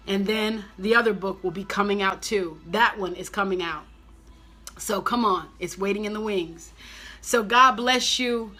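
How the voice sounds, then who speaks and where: A woman preaching and prophesying to her live-stream viewers. Her voice sits high and rings bright. She is fervent and repeats her declarations over and over. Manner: fervent, repetitive declarations, addresses viewers directly. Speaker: prophetic minister.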